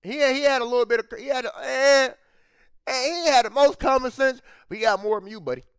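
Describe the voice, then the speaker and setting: A man's voice: extremely high pitch, fairly quick, clean tone, dry recording, clean studio sound. A man hosting a reaction video, talking in a heated, profane way, repeating himself and saying "bro" after nearly every phrase. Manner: repeats phrases and restarts when worked up. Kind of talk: casual reaction commentary.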